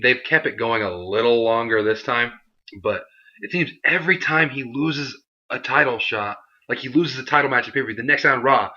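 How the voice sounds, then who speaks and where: A man's voice: on the low side, bright, forceful tone, highs cut off. A young man casually reviewing a wrestling show in a chatty, rambling way. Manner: chatty, rambling, lots of fillers. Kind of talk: casual recap monologue.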